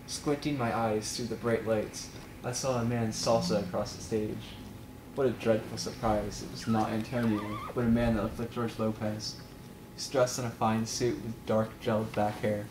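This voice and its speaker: A man's voice: lowish voice, level tone, normal speed. A male student presenter reading a humorous story aloud, slipping into voices for quoted lines. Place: classroom. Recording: echoey classroom with loud noise.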